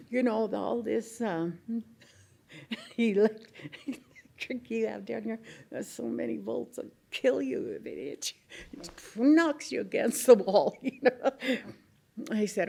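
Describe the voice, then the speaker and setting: Gravelly older woman telling mining stories. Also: on the high side, slow pace, warm tone. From Colorado. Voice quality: gravelly, husky. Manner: earthy storyteller, swears freely, laughs often. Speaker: retired coal miner. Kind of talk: oral history interview.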